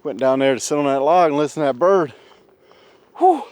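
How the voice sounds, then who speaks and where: A man chatting casually on an outdoor vlog, hushing and coaxing while he walks and sits to listen for birds. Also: medium pitch, fast talker, smooth. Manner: hushed, coaxing, folksy. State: a bit out of breath. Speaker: vlogger. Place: outdoors in woods.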